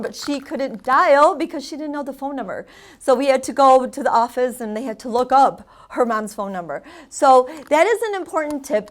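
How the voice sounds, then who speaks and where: A woman hosting a community TV lesson, chatting casually and drilling vocabulary with loud, repeated prompts. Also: high-pitched. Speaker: Spanish teacher and show host. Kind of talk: casual teaching on a community TV show.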